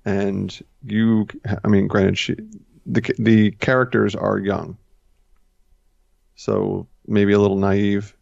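A man with a low, gravelly voice talks casually, rambling and correcting himself while he retells scenes. The recording is dull and lo-fi, with a dry sound. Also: little pitch movement, takes it slowly, darkish tone, no echo. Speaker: podcast co-host. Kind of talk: casual chat.

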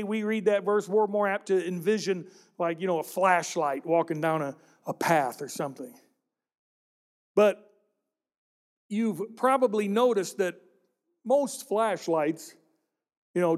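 A man preaching a sermon to his congregation, speaking conversationally and often asking them questions. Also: high-pitched. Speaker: pastor.

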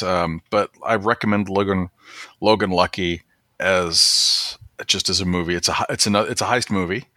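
A man's voice: low voice, sharp tone, no room sound, clean studio sound. A man hosting a casual podcast chat about movies, rambling with many fillers and restarts. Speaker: podcast host.

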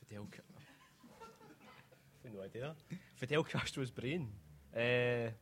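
A man's voice: mid-range voice, slow, noisy background. Teasing man guessing quiz answers. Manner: playful, teasing, laughs easily. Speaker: podcast co-host answering quiz. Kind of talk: casual live podcast chat.

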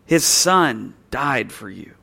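A male pastor preaching a sermon in a church, earnest and emphatic, slowing and softening on key phrases. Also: medium pitch, sing-song, creaky.

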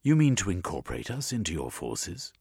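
A man's voice: sits low, wildly swooping pitch, a little fast, gravelly, darkish tone, husky, dry recording, clean studio sound, full character voice. A man reading an audiobook, voicing a proud male official who speaks in a stiff, indignant way.

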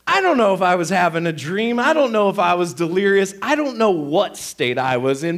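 A man with a high, light voice preaches to his congregation. He tells a story from home and acts out both sides of the conversation with lively energy before turning to the message. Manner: animated storyteller, acting out both sides of a dialogue. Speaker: pastor. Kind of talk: sermon with personal storytelling.

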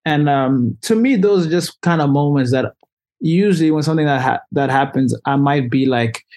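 A man's voice: on the high side, normal speed. Chatty young man telling a story. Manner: animated, loose, heavy use of "like". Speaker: musician guest. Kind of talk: casual storytelling interview.

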